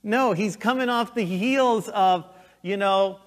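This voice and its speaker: A middle-aged pastor delivers a sermon with a fairly high voice and an unhurried, deliberate pace. He moves between loud, urgent emphasis and hushed, intense moments. His voice rings out with a long reverb, as in a church sanctuary.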